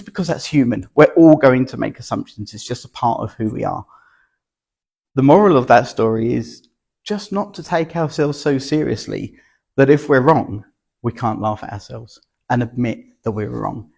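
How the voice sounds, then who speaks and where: A man's voice: mid-range voice, a little mellow. A man, a medium talking casually to an audience, chatty and self-deprecating, with many ums. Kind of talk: platform mediumship demonstration. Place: spiritualist church hall.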